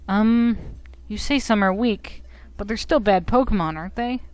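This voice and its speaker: A woman's voice: medium pitch, moderate pace, clean tone, no echo, close to an everyday voice. A woman doing a timid young explorer. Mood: nervous. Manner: nervous, hesitant.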